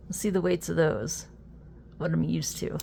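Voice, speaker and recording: A young adult woman chatting casually while unboxing a fidget toy, easily amused and quick to exclaim. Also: low voice, flat delivery, gravelly, background noise.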